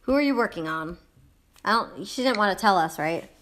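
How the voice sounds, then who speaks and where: A woman's voice: medium pitch, lively intonation, fairly quick, a bit bright, a little hiss or hum. A woman hosting a casual livestream, giggling often as she reads viewer comments aloud. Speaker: livestream host.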